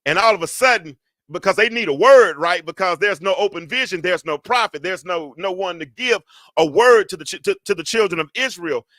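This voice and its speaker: Forceful, emphatic preaching man. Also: high voice, expressive, no echo. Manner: emphatic preacher cadence, repeats phrases, slows down to read scripture. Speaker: podcast host. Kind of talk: preaching-style Bible teaching.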